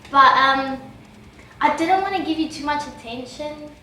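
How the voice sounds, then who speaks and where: A woman's voice: high voice, sharp tone, distant mic. A young woman from South Africa with a South African accent, chatting casually and teasing. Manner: teasing, quick interjections. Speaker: vlogger, co-host. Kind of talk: casual chat. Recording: very echoey, from off mic, faint hum.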